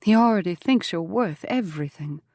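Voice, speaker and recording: A woman's voice: lowish voice, animated, normal speed, darkish tone, no echo, clean studio sound. Woman reading a tender young frontier woman. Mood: tender reassurance. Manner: tender and reassuring. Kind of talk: audiobook character voice.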